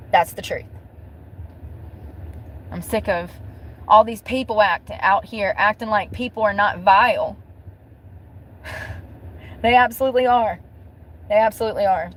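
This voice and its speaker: A woman's voice: medium pitch, a little hiss or hum, rough recording. A woman vlogger venting to her viewers in a blunt, profane way, repeating phrases over and over for emphasis. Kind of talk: emotional venting monologue.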